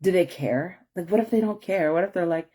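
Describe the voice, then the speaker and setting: A woman's voice: fairly low pitch, a little fast, mellow, husky. A woman talking through an emotional personal story in a rambling vlog, with many restarts and apologies and moments of tearfulness. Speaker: vlogger.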